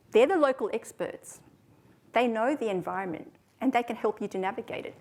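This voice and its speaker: A woman, giving a prepared talk to an audience in a measured storytelling way. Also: mid-range voice. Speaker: speaker.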